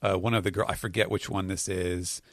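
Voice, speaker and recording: Hesitant man with a low, dry voice. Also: flat delivery, fairly quick, no room sound. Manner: hesitant, many fillers and restarts while explaining. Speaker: podcast host. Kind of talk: casual chat recapping comics.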